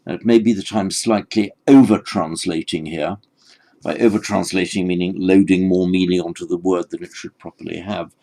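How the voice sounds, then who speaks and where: Brief: male teacher, deep gravelly voice, careful word-by-word scripture lecture. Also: steady tone, moderate pace, warm tone. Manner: thoughtful, explaining word by word with frequent restarts. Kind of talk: textual lecture on Pali scripture.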